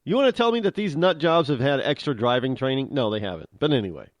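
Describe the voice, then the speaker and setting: Animated man riffing on a show. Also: medium pitch, fast, no echo. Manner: conversational, emphatic, frequent restarts and repeated words. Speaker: talk show host. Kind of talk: opinionated monologue.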